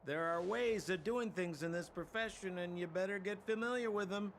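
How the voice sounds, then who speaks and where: An actor playing a sly, talkative male smuggler guide in a game cutscene, with smooth salesman patter. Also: high-pitched, moderate pace, fairly bright tone, slight background noise.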